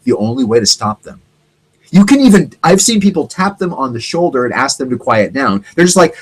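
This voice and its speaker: A man hosting a casual solo talk show, rambling and animated, now and then mimicking other people's voices. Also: medium pitch, a little fast, slightly rough, poor audio. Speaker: podcast host.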